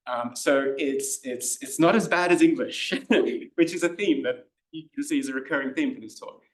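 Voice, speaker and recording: A man's voice: on the high side, normal speed. Australian man lecturing, roomy and distant. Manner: chatty, hesitant, many fillers and restarts. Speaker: Greek tutor giving a lecture. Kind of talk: informal lecture.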